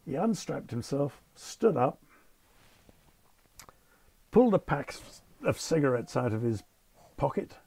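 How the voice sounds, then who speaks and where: A man's voice: mid-range voice, very animated, slow pace, pauses often, warm tone, slightly rough. An older man, a former airline captain telling anecdotes with dry understatement and acting out the people he quotes. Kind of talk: anecdotal storytelling in conversation.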